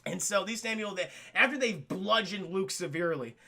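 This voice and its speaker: A young man streaming, retelling a film to his chat in an animated, profane, rambling way. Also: high-pitched, brisk, creaky. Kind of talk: comic movie retelling to chat.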